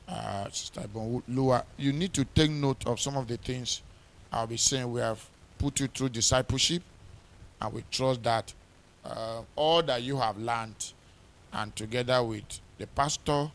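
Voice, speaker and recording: A middle-aged pastor with a medium-pitched, slightly bright voice delivers a wedding sermon at a pre-wedding church service. He reads scripture aloud with rising emphasis, repeating words and using many fillers.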